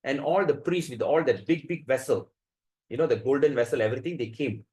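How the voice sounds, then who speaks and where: A man teaching a devotional scripture class, telling stories in an animated way, acting out the voices and often restarting his sentences. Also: mid-range voice, a little fast, rough recording. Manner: animated storyteller who acts out the voices, with frequent restarts. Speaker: spiritual teacher.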